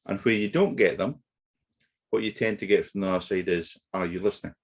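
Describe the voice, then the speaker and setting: Guy teaching a negotiation webinar, deep husky voice, steady explaining. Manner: measured explanatory delivery with occasional fillers. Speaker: negotiation trainer. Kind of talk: webinar lecture. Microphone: webinar computer mic.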